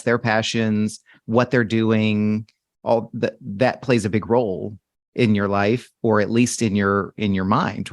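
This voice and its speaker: A man's voice: fairly low pitch, no echo, clean studio sound. A man hosting a podcast, asking reflective coaching questions in a probing, thoughtful way. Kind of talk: coaching conversational interview.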